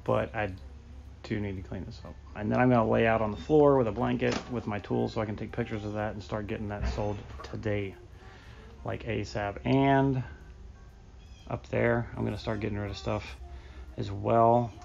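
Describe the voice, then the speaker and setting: Gravelly guy rambling on in a vlog, kinda dull lo-fi sound with a bit of hiss. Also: on the low side, fairly even intonation, moderate pace, darkish tone. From Appalachia, East Tennessee. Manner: chatty, rambling storyteller. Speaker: vlogger. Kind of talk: casual chat to camera.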